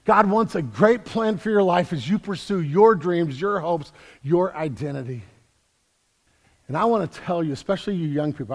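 A man preaching a sermon as a pastor in a church, energetic and repeating words as he builds emphasis. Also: fairly high pitch, normal speed, breathy edge, big-room sound.

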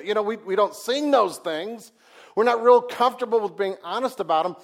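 A man with a fairly high-pitched voice delivers a sermon as a pastor. He talks to the congregation in a casual, folksy way, full of rhetorical questions and joking asides. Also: brisk.

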